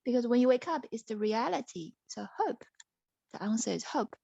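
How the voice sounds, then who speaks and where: A woman telling a story to her young child with puppets, animated, acting out the characters and switching into Mandarin now and then. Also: fairly high pitch, moderate pace, creaky, husky, dry recording, lo-fi sound. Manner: animated, acts out voices, mixes in Mandarin.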